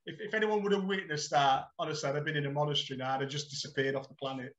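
A middle-aged man, a guest on a podcast, telling animated anecdotes and acting out the dialogue with frequent laughter. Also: a little high, very fast, dull audio. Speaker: guest, former footballer. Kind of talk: casual podcast storytelling.

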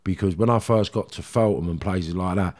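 A man's voice: low-pitched, brisk, darkish tone. A middle-aged man with a London Cockney accent, a podcast guest candidly telling rambling, streetwise stories from his past. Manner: streetwise, rambling, frequent "do you know what I mean". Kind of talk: candid storytelling interview.

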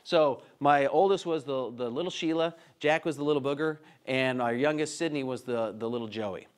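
A man in his thirties giving a humorous teaching talk, telling animated, self-mocking stories about his kids. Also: medium pitch, normal speed, smooth. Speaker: speaker.

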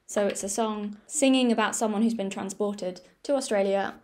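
A woman's voice: mid-range voice, fairly even intonation, normal speed, a little mellow. A young woman from the north of England talking casually as a vlogger, chatty and jokingly defensive. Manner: chatty, jokey and mock-defensive. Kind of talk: casual chat.

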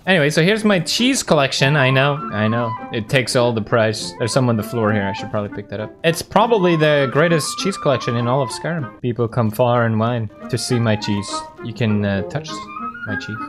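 A man's voice: medium pitch, lively intonation, normal speed. Goofy man streaming a game, yelping. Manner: goofy, jokey, breaks into loud yelps. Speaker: gaming streamer. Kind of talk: casual gameplay commentary. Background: background music.

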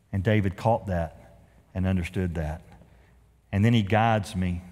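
A middle-aged man preaching a sermon as pastor, folksy and joking, swinging from loud emphasis to hushed, quiet lows. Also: normal speed, pauses often. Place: large church sanctuary. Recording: reverberant church hall.

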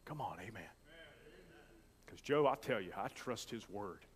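A man pastor preaching a sermon with great emotion, moving between loud declarations and soft, near-whispered lines. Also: lowish voice, lively intonation, a little slow, big-room sound.

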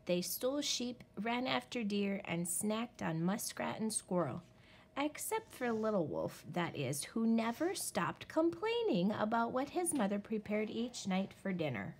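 A woman reading a picture book aloud in a slow, expressive storytelling voice. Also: mid-range voice, slightly rough. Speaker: storybook reader.

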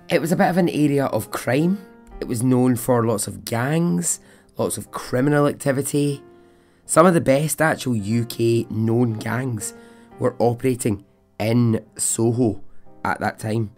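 A man's voice: medium pitch, measured pace, soft background music. A man hosting a podcast, telling a true story in a casual, chatty way, laughing often and talking straight to the listener. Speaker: podcast host.

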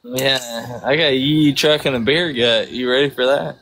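A man in his thirties from Georgia with a Southern accent, chatting on a speed date in a cocky, teasing, deadpan way. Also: mid-range voice, moderate pace, slight background noise. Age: 30s. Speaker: prank speed dater. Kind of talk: casual chat.

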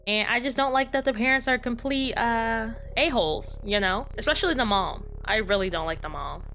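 A woman's voice: on the high side, a little fast, pushed and bright, slight background noise. A young woman giving jumpy, chatty commentary while playing a horror game, talking to herself and laughing at the scares. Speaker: gaming YouTuber.

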